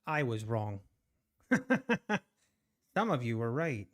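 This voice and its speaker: A man's voice: medium pitch, animated, slow. A man hosting a live trading stream, chatting casually with viewers, sighing and teasing, out of breath. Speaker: trading livestream host. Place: home.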